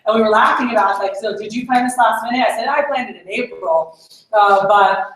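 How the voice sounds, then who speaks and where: A woman's voice: fairly high pitch, brisk, fairly bright tone. Chatty woman speaking in an echoey room. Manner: chatty storytelling with many fillers. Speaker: sales team leader addressing a meeting. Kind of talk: casual motivational talk.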